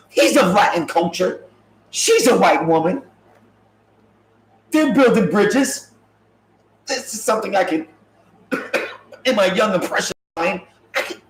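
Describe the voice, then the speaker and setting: A podcast host tells funny stories on a casual talk show, joking and imitating the voices of the people he quotes. His voice is high-pitched, and the poor-quality audio is reverberant.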